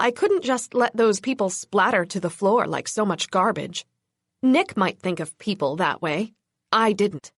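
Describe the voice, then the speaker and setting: A woman's voice: mid-range voice, no echo, studio quality. Woman narrating a tense audiobook. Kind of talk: first-person audiobook narration.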